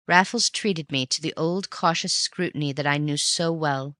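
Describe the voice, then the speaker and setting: An audiobook narrator reading a classic novel in a measured, steady way. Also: mid-range voice, no room sound, clean studio sound.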